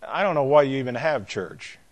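This older sermon-giver, speaking with a Southern American accent, has a medium-pitched, animated voice with a slight roughness. He leans heavily on key words, repeating them as he builds, and draws them out so they swell in loudness.

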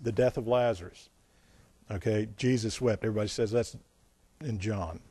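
A male pastor preaching, reading scripture aloud and then explaining it with folksy asides and dramatic swings between loud emphasis and quiet remarks. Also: fairly low pitch, moderate pace, husky. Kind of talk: sermon.

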